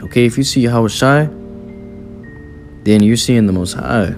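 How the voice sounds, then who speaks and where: A man preaching a sermon, reading scripture aloud and driving points home in forceful, repetitive, slangy talk. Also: mid-range voice, moderate pace, pauses often, soft background music.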